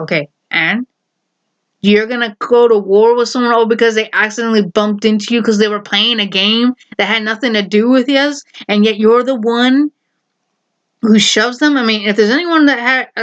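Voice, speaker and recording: A young adult woman vlogging, telling a personal story in a casual, blunt way and acting out the other people's voices. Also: fairly high pitch. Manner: animated, acts out quoted voices, blunt.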